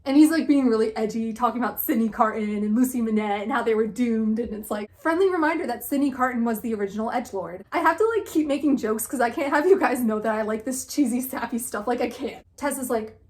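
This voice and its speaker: A woman's voice: on the high side, fast talker, hardly any pauses. A young woman giving a casual, joking book recap on her vlog, quoting characters as she goes. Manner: animated, jokey, quotes characters with "she's like". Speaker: book vlogger.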